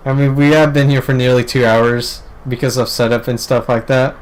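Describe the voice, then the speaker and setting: A man's voice: medium pitch, flat delivery, brisk, poor audio. A young man hosting a casual gaming podcast, rambling with lots of fillers and casual swearing. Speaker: podcast host. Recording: faint background noise.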